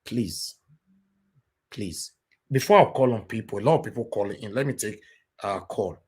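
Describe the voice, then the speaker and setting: A man's voice: lowish voice, quick pace, slightly rough. A man with a Nigerian accent hosting a casual political livestream with callers, impassioned and pleading, mixing in Pidgin English. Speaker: livestream political show host.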